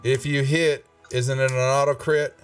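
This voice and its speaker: This dungeon master speaks in a clean, mid-range voice at a measured pace during a live tabletop game. Relaxed and rambling, he fills his talk with fillers and restarts, and the distant mic also catches background music.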